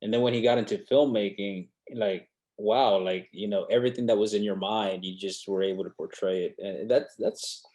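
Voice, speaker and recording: A male podcast host with a low-pitched voice speaks in a conversational manner. He prompts his guest with questions and follows up on his answers. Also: moderate pace, hardly any pauses, darkish tone. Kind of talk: casual podcast interview.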